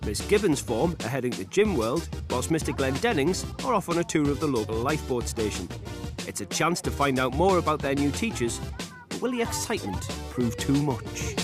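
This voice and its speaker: Wry, lively male narrator over music. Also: medium pitch, fairly quick. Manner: wry, playful commentary. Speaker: documentary narrator. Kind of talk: scripted narration. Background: background music.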